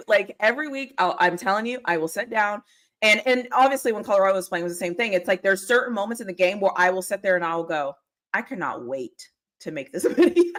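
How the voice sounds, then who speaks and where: A woman's voice: medium pitch, a bit bright. A woman co-hosting a casual football talk stream, rambling and laughing often as she talks over a video call. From Pittsburgh area. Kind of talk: casual chat. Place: home, live stream call.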